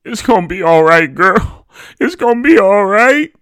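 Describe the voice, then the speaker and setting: A man puts on a firm, comforting aunt, his voice raised well above its usual depth. She soothes in a steady, rocking rhythm in a dramatic story reading. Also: medium pitch, normal speed, clean tone, no echo, clean studio sound, voice pushed up, natural voice. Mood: soothing.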